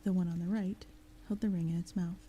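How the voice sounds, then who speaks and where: A woman reading a story aloud in a gentle, calm, soft-spoken audiobook style, sometimes slipping into whispers. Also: on the low side, brisk, a little hiss or hum, rough recording. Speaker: audiobook reader. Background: thunderstorm sounds.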